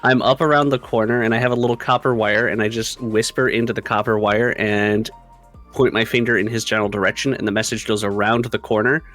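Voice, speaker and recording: A man's voice: on the low side, steady tone, quick pace, fairly bright tone, soft background music. A man playing in a tabletop game, casually explaining his character's actions with fillers. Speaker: player.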